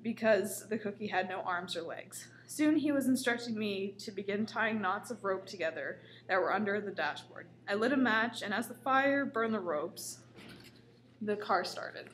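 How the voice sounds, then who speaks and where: A woman reads a silly story aloud at a mid pitch, casually, sometimes tripping over words. A faint hum sits under her voice. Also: lively intonation, normal speed, a bit bright. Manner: casual, stumbles and laughs while reading. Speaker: story reader. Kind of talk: reading a comic story aloud.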